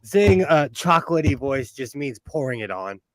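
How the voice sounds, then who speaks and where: A man's voice: mid-range voice, big pitch swings, normal speed, dry recording. A middle-aged man hosting a casual sewing livestream from home, chatty and self-mocking, reading chat questions aloud.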